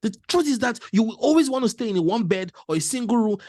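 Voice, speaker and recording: A man tells a motivational story with a lively, swooping pitch that rises and falls sharply. He laughs easily and acts out the people in his story, and his voice sounds dry and close, with no room echo. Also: quick pace. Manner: animated, laughs often, acts out dialogue. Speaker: panel speaker.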